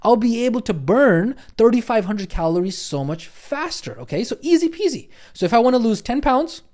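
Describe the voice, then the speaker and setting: A man voicing an overconfident dieting student who thinks losing weight is simple and boasts excitedly. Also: extremely high pitch, moderate pace, pitched above the performer's own voice. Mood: cocky excited.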